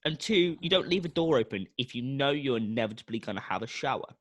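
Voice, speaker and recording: A man's voice: medium pitch, expressive, quick pace. A man on a podcast, giving emphatic advice point by point while discussing a film. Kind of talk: casual comedic film review.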